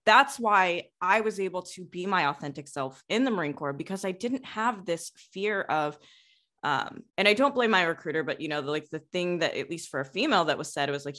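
A woman's voice: on the low side, normal speed, sharp tone. A woman, a Marine veteran hosting a podcast, talking earnestly in a rambling way. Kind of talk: conversational interview.

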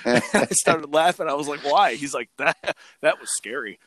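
A man's voice: fairly high pitch, normal speed, few pauses, no echo. A young adult man casually telling a story on a podcast, acting out the other people's lines. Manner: animated, acts out quotes. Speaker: podcast co-host.

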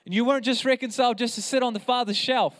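A man's voice: extremely high pitch, fairly even intonation, fast, fairly bright tone. A man preaching an impassioned sermon as pastor, with emphatic repeated phrases. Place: church hall. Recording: reverberant hall.

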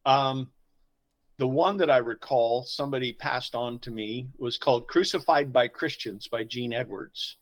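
A middle-aged man speaks as a pastor guest in a conversational interview. He tells stories with real feeling, often dropping low and soft before climbing into bright, loud exclamations. His pitch sits in an ordinary middle range for a man. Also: a little slow, poor audio. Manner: emotional, expressive storyteller who swings from quiet asides to loud exclamations.

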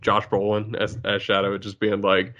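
A man co-hosting a casual podcast chat, excitable and laughing often, breaking into goofy voices. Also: lowish voice, moderate pace, lo-fi sound. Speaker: podcast co-host.

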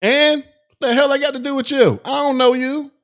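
A man's voice: extremely high pitch, little pitch movement, a little fast. A male podcast host on a live stream, ranting in a profane, mocking way at critics.

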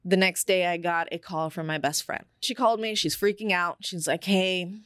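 Low-voiced woman telling her story. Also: fairly even intonation, moderate pace, a bit bright, smooth, no echo, studio quality. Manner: candid, confessional, many fillers. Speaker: podcast co-host. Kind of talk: personal storytelling in casual chat.

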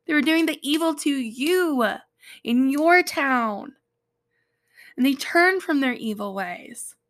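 A woman's voice: sits high, fairly bright tone. Chatty young woman teaching Bible stories. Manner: chatty and slangy, laughs often. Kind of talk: casual Bible study commentary.

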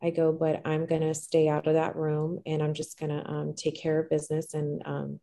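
Middle-aged woman guest, low and gravelly, calm even-keeled storyteller with lots of "um"s. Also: normal speed, slight background noise. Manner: calm, even-keeled, with frequent fillers and restarts. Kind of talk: personal storytelling in conversation.

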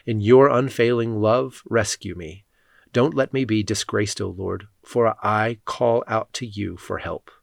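A man reading Bible passages aloud in a measured, solemn way. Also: lowish voice, gravelly, dry recording, studio quality. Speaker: scripture reader.

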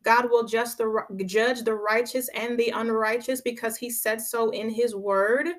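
A woman's voice: a little high, fairly even intonation, a little slow. A woman hosting a podcast, giving a conversational Bible teaching. She speaks emphatically, repeats her key phrases, and keeps checking in with her listeners by asking "right?". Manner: drives points home by repeating phrases.

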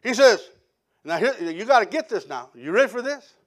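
A man preaching a sermon, telling his testimony in an animated storytelling way and quoting other people. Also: sits high, moderate pace. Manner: animated storytelling with quoted voices.

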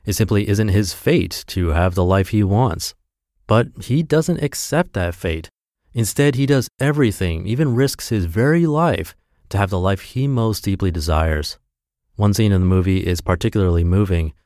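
Upbeat low-voiced male podcast narrator. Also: expressive, moderate pace, a little mellow, dry recording, clean studio sound. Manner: upbeat, emphatic reading with acted dialogue. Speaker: podcast narrator reading blog posts. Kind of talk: scripted narration of a self-help blog.

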